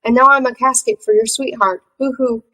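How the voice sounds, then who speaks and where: A woman's voice: a little high, fairly even intonation, fairly quick, fairly bright tone, low-quality recording. A woman voicing a small, emotional tree creature who frets and sobs easily, reading aloud from a book. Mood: weepy. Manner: fretful, prone to sighing and sobbing. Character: fussy little tree creature, emotional, fretful. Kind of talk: audiobook character reading.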